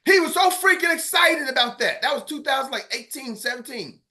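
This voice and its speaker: A man's voice: very high voice, expressive, brisk, bright, forceful tone. A middle-aged man coaching his sales team on a morning call, fired-up and preachy, calling out to the group.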